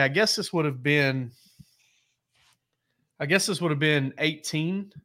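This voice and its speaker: Bright-voiced man telling rambling stories. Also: fairly high pitch. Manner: rambling, self-correcting, laid-back storyteller. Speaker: sports reporter. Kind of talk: casual podcast storytelling.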